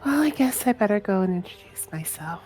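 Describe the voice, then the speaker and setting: A woman playing a tabletop game, playful and quick to laugh. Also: mid-range voice, lively intonation, a little mellow, slightly rough, faint music behind. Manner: giggly, playful. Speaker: player. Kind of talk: tabletop role-play chat.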